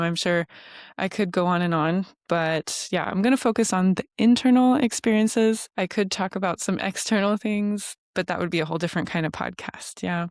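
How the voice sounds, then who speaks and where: A woman's voice: lowish voice, dry recording, studio quality. A middle-aged woman hosting a podcast, talking in a chatty, reflective way with many fillers. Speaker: podcast host. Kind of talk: casual podcast monologue.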